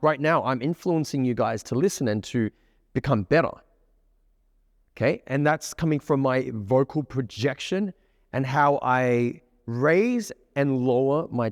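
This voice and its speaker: A man coaching a live group of students, keeping the session energetic and often checking that the room follows him. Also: medium pitch, no room sound, studio quality, big-room sound. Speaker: dating coach. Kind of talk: live workshop teaching to a group. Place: room with a live audience, on stage.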